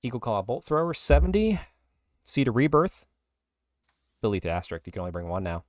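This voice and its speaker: A man's voice: medium pitch, sing-song, a little fast, no room sound, studio quality. A man co-hosting a casual podcast, rattling through lists of game rule changes. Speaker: podcast co-host. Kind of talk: casual podcast chat reading rules updates.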